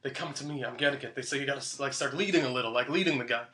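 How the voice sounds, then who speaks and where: A man's voice: mid-range voice, very fast, pushed and bright, roomy sound, a little hiss or hum. A young man telling a funny story in casual chat, laughing often and acting out the people in it. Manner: laughs often, acts out quoted voices. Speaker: podcast guest.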